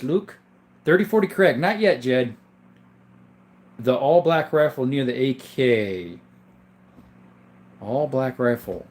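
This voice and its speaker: A man's voice: mid-range voice, animated, measured pace, pauses often. A man hosting a casual livestream, easygoing and rambling as he reads out chat names; he is sick and coughs now and then. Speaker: livestream host showing his gun collection.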